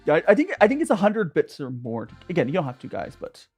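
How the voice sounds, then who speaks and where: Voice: mid-range voice, wildly swooping pitch, fast, a little mellow, slightly rough, soft background music. A young adult streamer chatting casually over tea, rambling and greeting viewers by name. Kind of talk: casual chat while drinking tea.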